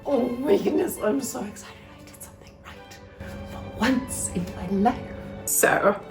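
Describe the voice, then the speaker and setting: A woman's voice: on the high side, a little slow. A woman hosting a casual home cooking vlog, bubbly and gushing, talking fondly to her bread as she bakes. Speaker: cooking vlogger. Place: home kitchen. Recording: echoey room, faint music.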